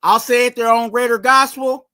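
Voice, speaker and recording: A man's voice: extremely high pitch, fairly even intonation, moderate pace, pushed and bright, clear, resonant tone. A man hosting a fan channel, giving casual sports commentary in a rambling way and urging viewers to subscribe.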